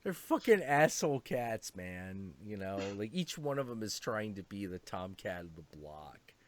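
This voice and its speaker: A man's voice: on the low side, unhurried, no room sound. A man chatting casually on a live stream, swearing and laughing as he tells animal stories. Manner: profane, laughing, animated storytelling. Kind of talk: casual chat.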